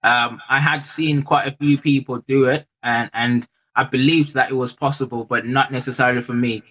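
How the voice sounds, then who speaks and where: A man guest in an interview, speaking hesitantly with frequent pauses and restarts. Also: mid-range voice, a bit bright, husky, low-quality recording. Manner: hesitant, many fillers and restarts. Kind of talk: casual interview.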